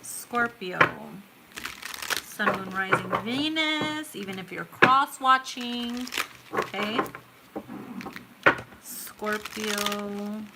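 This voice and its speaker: A woman in her thirties giving a live tarot reading in a casual, excitable way. She swears freely, laughs often and calls her viewers boo and babe. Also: medium pitch, drawn-out words, long pauses, very noisy. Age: 30s. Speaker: tarot reader.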